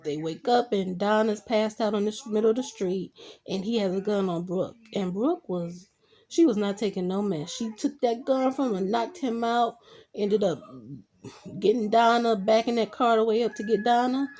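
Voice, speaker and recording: Her voice is mid-range and mellow, and she moves at a moderate pace. The speaker is a young adult woman who reviews TV shows, casually recapping episodes in a chatty retelling stuffed with "I'm like" reaction asides.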